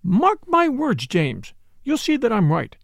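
A man's voice: extremely high pitch, huge pitch swings, takes it slowly, vocal fry, no room sound, studio quality, voice pushed up, heavily acted. A man voicing a nosy, knowing middle-aged spinster who talks insistently and mysteriously.

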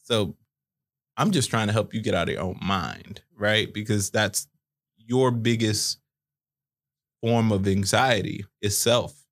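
A man's voice: lowish voice, slow, pauses often. A man in his thirties co-hosting a casual podcast, explaining his points with analogies. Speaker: podcast co-host. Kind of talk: casual chat.

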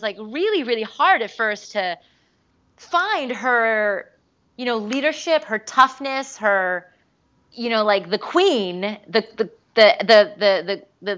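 Woman chatting in an interview, bright voice, tons of likes and you-knows, dull lo-fi sound. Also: a little high. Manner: animated, with many fillers and restarts. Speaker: voice actress guest. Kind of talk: casual interview chat. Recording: dull lo-fi recording.

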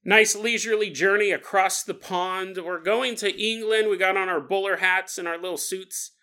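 A man's voice: high voice, steady tone, moderate pace, pushed and bright. A man hosting a podcast, telling a story in a playful, rambling way and laughing often. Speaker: podcast host.

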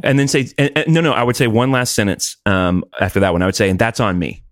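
Podcast co-host, man, fast-talking, lively, giving friendly advice. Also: mid-range voice, no echo, studio quality. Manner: animated, coaching, laughs often. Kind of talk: casual chat.

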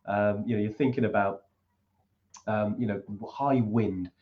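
A man's voice: on the low side, fairly even intonation, measured pace, lo-fi sound. A man hosting a trekking trip talk, giving loose, friendly advice with many fillers. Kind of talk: casual chat and travel advice.

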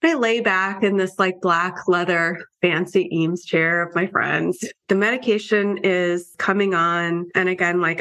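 A woman's voice: fairly low pitch, a bit bright. A middle-aged woman, a podcast guest, candidly telling a personal story in a conversational way, full of "like" and "you know" and acting out her own inner voice.

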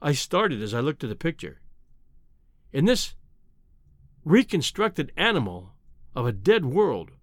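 A man narrating an adventure novel in the first person, measured and wry. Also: a little high, very animated, no echo. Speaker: audiobook narrator.

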